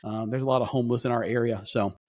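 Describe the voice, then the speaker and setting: A middle-aged man telling a long story on a podcast, animated and full of restarts. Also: mid-range voice, fast talker. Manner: animated, acts out quoted voices, rambling restarts. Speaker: podcast co-host. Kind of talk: casual storytelling chat.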